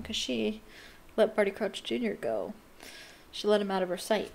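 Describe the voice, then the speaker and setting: A woman's voice: fairly high pitch, expressive, moderate pace, vocal fry. A woman reading aloud and chatting casually about a book, enthusiastic and rambling with lots of fillers. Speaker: book reader and fan commentator.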